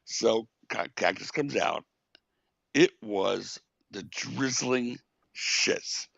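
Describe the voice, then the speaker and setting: A man, a wrestling promoter and interview guest, telling lively, salty stories. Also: lowish voice, drawn-out words, vocal fry, no room sound, highs cut off. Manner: animated storyteller, swears.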